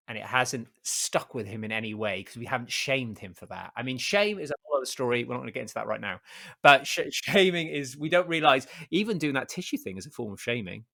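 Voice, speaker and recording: An enthusiastic man hosts a podcast conversation, stressing his points and sprinkling in casual fillers. His voice sits at a middle pitch but has a bright, pushing edge to it. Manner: enthusiastic and emphatic, with lots of fillers like "you know". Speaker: podcast host.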